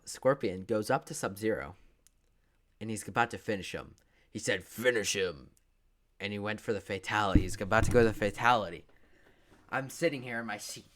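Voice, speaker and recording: Sarcastic and profane, this young movie reviewer recaps a film with loads of filler, lurching from mumbles to outbursts. His voice is on the low side with a fairly bright tone, and a little hiss or hum can be heard.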